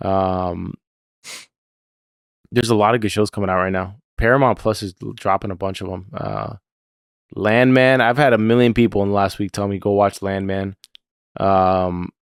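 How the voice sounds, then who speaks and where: A man's voice: lowish voice, normal speed, pauses often, smooth, no echo, studio quality. A man co-hosting a podcast, chatting casually about a TV episode and now and then acting out lines in a raised voice. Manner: animated, acts out lines from the show in raised voices. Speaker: podcast co-host.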